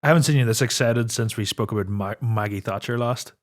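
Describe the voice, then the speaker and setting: A man's voice: medium pitch, a little fast. A man co-hosting a podcast, teasing his partner and asking dry questions in casual banter. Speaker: podcast co-host.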